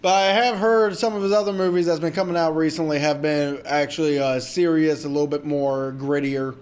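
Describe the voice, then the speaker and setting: A man's voice: fairly high pitch, steady tone, a little fast, a little mellow, clean tone. A man co-hosting a podcast, talking about movies casually, joking and swearing freely. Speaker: podcast co-host.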